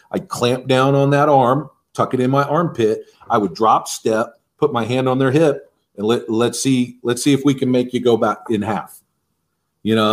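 A man who coaches defensive line, talking casually on a podcast and walking through technique step by step, often restarting his sentences. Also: medium pitch.

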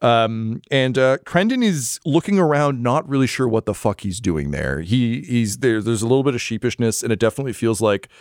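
A man's voice: mid-range voice, animated, fairly quick, few pauses, no echo, clean studio sound. A man narrating as game master in a casual, swearing style with many fillers.

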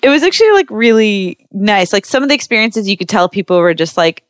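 A woman's voice: medium pitch, very animated, fast, dry recording. Young woman guest, chatty storyteller, dry close sound. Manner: chatty, many fillers, acts out quotes. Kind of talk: casual storytelling.

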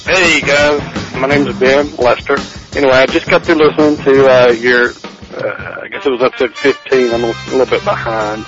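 A man with a South Georgia accent leaving a halting voicemail for a podcast, full of fillers. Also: mid-range voice, steady tone, lo-fi sound, music in the background. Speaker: listener calling in. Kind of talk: recorded voicemail.

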